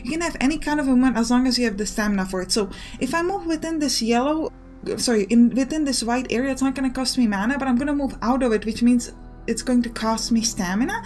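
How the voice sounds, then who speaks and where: A young woman gives gameplay commentary in a slightly high voice. She talks quickly and explains each move, leaning on little fillers. Faint game music plays underneath. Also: a little mellow. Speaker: let's play host.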